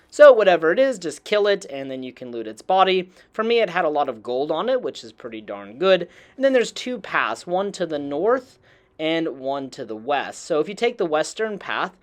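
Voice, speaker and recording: Lively, enthusiastic gameplay narrator. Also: medium pitch. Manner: enthusiastic, casual, mild slang. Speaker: host of a game walkthrough series. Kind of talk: casual gameplay voice-over narration.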